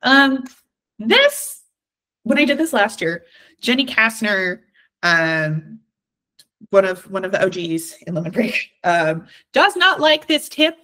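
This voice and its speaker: A woman's voice: medium pitch, takes it slowly, long pauses, bright, forceful tone. A woman from Southern California with a Valley Girl accent, giving an encouraging, chatty workshop talk with frequent ums. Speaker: workshop speaker.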